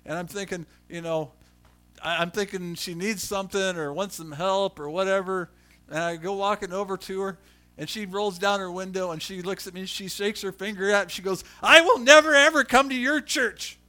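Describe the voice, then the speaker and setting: A middle-aged male pastor delivers a storytelling sermon in a high, bright voice. He acts out the people in his stories with lively shifts of voice. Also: a little fast.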